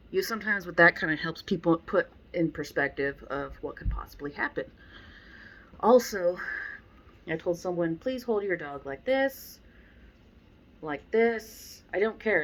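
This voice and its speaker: A woman dog trainer giving a casual lesson, animated and blunt, with exasperated asides about her students. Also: on the low side. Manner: animated, acts out people she describes. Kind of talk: casual instructional talk.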